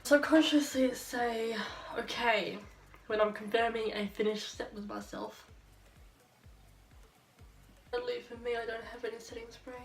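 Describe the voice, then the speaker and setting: A woman's voice: fairly high pitch, little pitch movement, normal speed, pauses often, soft background music. A young Australian woman, a bit tipsy, rambling and chatting to herself while doing her makeup at home. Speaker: beauty vlogger. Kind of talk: get-ready-with-me chat. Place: bedroom at home under a ring light. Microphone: phone camera. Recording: roomy sound, phone held off at a distance.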